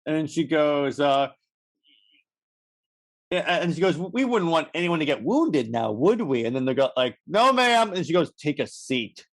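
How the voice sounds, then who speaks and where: An animated man with a voice on the high side co-hosts a podcast at a moderate pace. He casually recaps a comic in a rambling way, often starting over and acting out lines.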